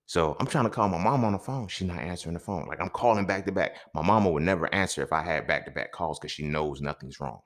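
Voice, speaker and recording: Young guy, real low voice, telling his own story, swears a lot, keeps going "you feel me". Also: fast, few pauses. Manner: emphatic, profane, keeps checking in with listeners. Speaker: podcast host. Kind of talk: personal storytelling.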